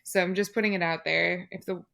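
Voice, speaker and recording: A woman's voice: on the low side, fairly even intonation, fairly quick, creaky, bright, forceful tone. A woman appearing as a podcast guest in casual chat, speaking in a wry, dry and candid way.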